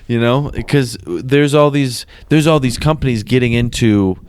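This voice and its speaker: A man co-hosting a comedy podcast, rambling through news with halting restarts in a casual chat. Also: mid-range voice, darkish tone, smooth. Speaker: podcast co-host.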